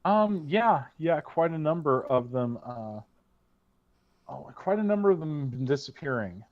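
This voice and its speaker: A man's voice: on the high side, expressive, unhurried, phone-quality sound. A man playing a kindly mission woman. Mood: concerned. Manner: concerned, hesitant.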